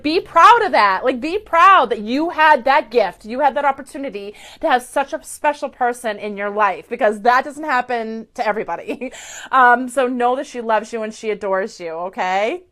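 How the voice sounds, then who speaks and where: A woman's voice: fairly high pitch, sharp tone. A woman psychic medium giving effusive live-stream readings to viewers, chatty and gushing with many fillers, into a webcam or phone mic.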